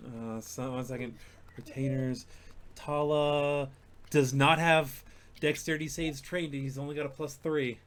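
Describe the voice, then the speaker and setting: A man's voice: medium pitch, fairly even intonation, measured pace, fairly bright tone. A man running a tabletop game session as dungeon master, casual and laughing, swearing freely.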